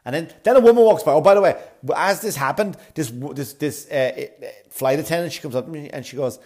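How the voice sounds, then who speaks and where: A man's voice: a little high, expressive, a little fast, hardly any pauses, darkish tone. Profane, rambling man telling a story. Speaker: comedian. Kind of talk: storytelling comedy rant.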